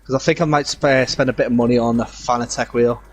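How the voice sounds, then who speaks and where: A man's voice: medium pitch, steady tone, fast talker, breathy edge. Laid back guy on a headset, lots of uhs and ums, casual stream chat. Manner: easygoing, hesitant with many fillers. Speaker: co-commentator. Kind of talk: casual live race commentary.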